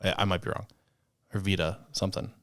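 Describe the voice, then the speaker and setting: A man with a very low voice co-hosting a casual podcast. He rambles through explanations, thinking aloud as he goes, and the sound is close and dry with no room echo. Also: little pitch movement, fast talker. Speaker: podcast co-host. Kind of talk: casual chat.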